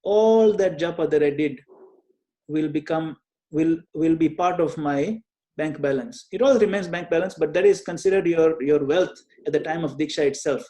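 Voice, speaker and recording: A man's voice: fairly high pitch, moderate pace. Earnest man leading an online Q&A. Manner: gentle, earnest, frequent hesitations. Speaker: Q&A session leader. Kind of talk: online group Q&A, teaching. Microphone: video call.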